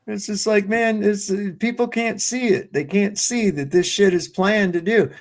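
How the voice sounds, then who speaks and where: A man's voice: high-pitched, fairly even intonation, moderate pace. A man ranting sarcastically on a panel in casual chat, swearing freely.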